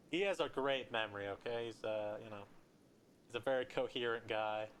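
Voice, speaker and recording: A man from Colorado with a raspy voice, giving casual, rambling, joking commentary while he streams a game. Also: medium pitch, a bit bright, slight background noise.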